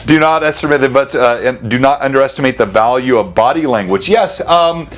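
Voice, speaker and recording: Speaking quickly with lively intonation in a mid-range voice, a man hosts a casual livestream as game master. He keeps cutting himself off and breaking into laughter.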